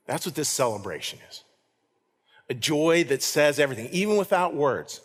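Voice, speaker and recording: A man preaching a sermon as pastor, animated, swinging from loud to hushed. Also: fairly high pitch, normal speed. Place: church hall. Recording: long hall reverb.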